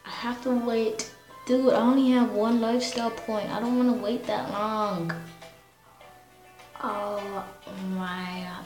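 A woman's voice: fairly high pitch, steady tone, slow pace, a little mellow, echoey room, soft background music, rough recording. A woman giving casual commentary on a life-simulation game, rambling and slangy as she talks to herself and her viewers. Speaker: gamer.

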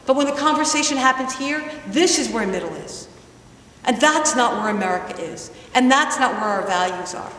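A middle-aged woman giving an emphatic public talk, telling a story and slowing down to stress her points. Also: fairly high pitch, expressive, a bit bright. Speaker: guest speaker, former candidate. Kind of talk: public speech with anecdote. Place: large hall with an audience. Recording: echoey hall from far off, faint noise.

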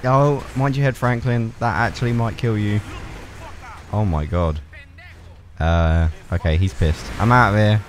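A young man giving excitable gameplay commentary, laughing a lot and swearing freely. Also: lowish voice, normal speed, a little hiss or hum. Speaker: gaming YouTuber.

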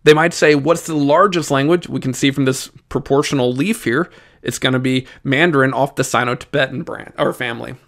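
A male teacher with a Southern US accent giving a lively, joking exam review lesson and talking straight to his students. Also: mid-range voice, fairly quick, creaky.

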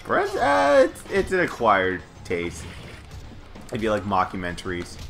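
Man, bright tone, casual game commentary, rambling and profane, faint music underneath. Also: lowish voice, huge pitch swings, measured pace, gravelly. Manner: rambling, swears casually, jokey. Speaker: let's play co-host.

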